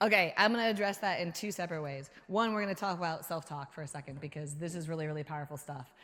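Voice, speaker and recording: A woman giving a keynote talk and answering audience questions, energetic and quick to laugh, acting out her own inner voices. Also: sits low. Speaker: keynote speaker. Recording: hall reverb.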